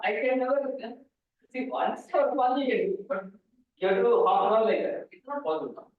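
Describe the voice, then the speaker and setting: High-voiced man lecturing in echoey hall. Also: lively intonation, fairly quick. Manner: rambling, restarts sentences, asides to students. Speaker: mathematics lecturer. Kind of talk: conference lecture with anecdotes. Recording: echoey hall, far mic, phone-like band.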